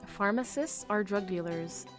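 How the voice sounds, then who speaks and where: A woman streamer chatting casually with her chat while crafting, rambling with fillers and trailing off into quiet mutters as she works. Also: mid-range voice, unhurried, soft background music. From United States.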